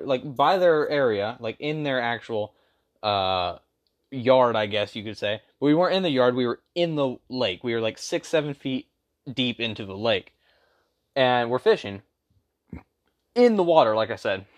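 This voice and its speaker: A young man vlogging a casual storytime rant, rambling with lots of fillers and slang. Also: medium pitch.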